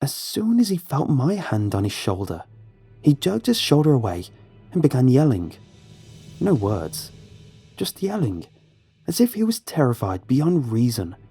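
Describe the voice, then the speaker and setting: A man narrating a horror story in a measured, suspenseful way. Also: mid-range voice, huge pitch swings, mellow, slightly rough. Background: faint music.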